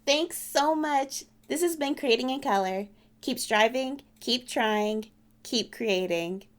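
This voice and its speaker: Friendly woman podcast host, higher voice. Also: slight background noise. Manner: friendly, reads contact details slowly and carefully. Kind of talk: interview and scripted outro.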